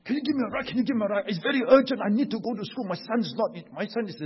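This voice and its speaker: A man's voice: high voice, racing, husky, voice pushed up. A man voicing an anxious woman stranger who urgently begs for a ride. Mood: pleading. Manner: urgent, repetitive begging. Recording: dull echoey hall recording.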